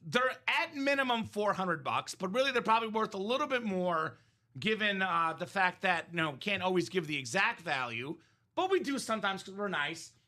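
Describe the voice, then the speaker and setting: High bright-voiced male break host. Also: normal speed. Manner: energetic, rambling, explains values with many asides. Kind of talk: live-stream sales chat.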